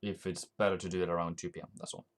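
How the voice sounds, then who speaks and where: A man's voice: low voice, flat delivery, racing, slight background noise. A man with a Norwegian accent giving rambling live-stream market commentary, thinking aloud with frequent restarts. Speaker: forex trading streamer.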